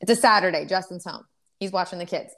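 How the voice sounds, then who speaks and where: A woman's voice: fairly low pitch, fast, a bit bright. Woman, casual chat co-host, dry matter-of-fact storytelling. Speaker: podcast co-host.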